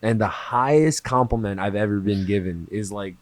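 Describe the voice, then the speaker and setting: A man hosts a casual podcast chat, rambling and swearing freely. His voice sits on the low side, and the sound is dry and close. He keeps things loose and joking. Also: normal speed, no room sound. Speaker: podcast host.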